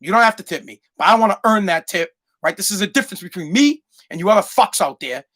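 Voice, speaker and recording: A man rants alone on his podcast, swearing freely and hammering his points. His voice sits high and sounds bright and forceful. He speaks in an emphatic, heated way. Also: expressive, quick pace. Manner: ranting, profane, emphatic. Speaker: podcast host. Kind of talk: solo podcast rant.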